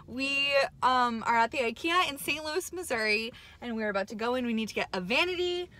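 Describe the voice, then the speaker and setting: A woman's voice: on the high side, expressive, fairly quick, sharp tone. A young woman vlogging in a bubbly, gushing way, talking to a handheld camera at home and while out shopping. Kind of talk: casual vlog narration. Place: stores and at home.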